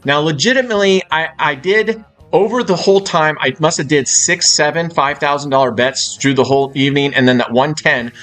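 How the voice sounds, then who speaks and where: A man's voice: a little high, a little fast, a bit bright. A man chatting loosely on a live stream from a hotel suite, swearing freely as he rambles. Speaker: casino live-stream host.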